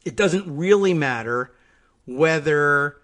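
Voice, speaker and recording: A man hosts a solo political commentary show, musing aloud with weary exasperation. His voice sits slightly high for a man, and he talks his way through each point. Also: animated, takes it slowly, a bit bright. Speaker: host.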